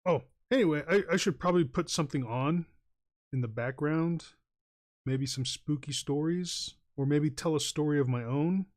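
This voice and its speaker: A man's voice: on the high side, normal speed, darkish tone. A man streaming while he draws, chatting casually and rambling between many fillers, chuckling often. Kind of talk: casual livestream chat while drawing.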